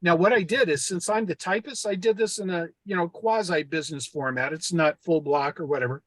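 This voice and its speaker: Older male host, slightly high voice, dry close recording, earnest and formal when reading. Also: brisk, no echo. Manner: earnest, reads letters aloud in a formal tone. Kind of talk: casual discussion, reading a letter aloud.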